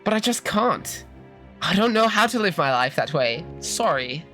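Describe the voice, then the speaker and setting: A streamer voicing a remorseful male warrior servant, reading game dialogue aloud in a lowered, subdued voice. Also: very animated, moderate pace, bright, forceful tone, faint music behind. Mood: rueful.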